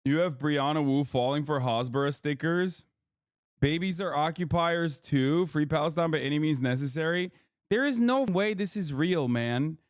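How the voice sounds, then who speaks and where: Loud, mocking male streamer. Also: a little high, moderate pace, clean tone, no room sound, studio quality. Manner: loud, mocking, animated ranting. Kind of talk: live stream reaction commentary.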